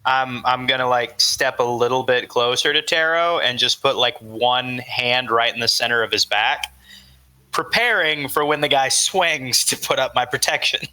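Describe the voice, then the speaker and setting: Bright, wry-voiced man player. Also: mid-range voice, moderate pace, no echo, low-quality recording. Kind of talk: in-character tabletop play.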